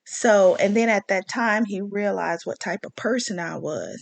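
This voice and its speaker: A woman talks straight to her viewers in a loose, ranting monologue, stopping often to check in with an "okay?" or a "you know?". Her pitch sits in the middle range for a woman, and her delivery is plain and conversational. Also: a little slow, gravelly. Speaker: commentary channel host.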